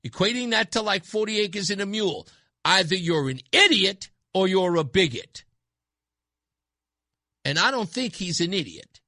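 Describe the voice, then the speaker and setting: A man's voice: high-pitched, animated, normal speed, pauses often, bright, forceful tone, no echo. A man hosting a talk radio show, speaking bluntly and emphatically into a studio microphone, repeating his points for effect. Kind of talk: opinionated talk radio monologue.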